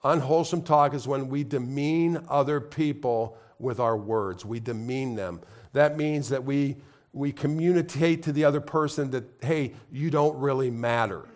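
A man's voice: mid-range voice, moderate pace. Man preaching with call-and-response. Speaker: pastor. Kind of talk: sermon. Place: congregation in a room.

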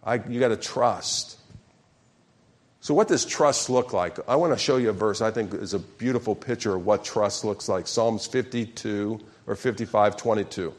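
A man's voice: fairly low pitch, normal speed. A man preaching a sermon as pastor, calling questions out to the congregation and acting out sample prayers.

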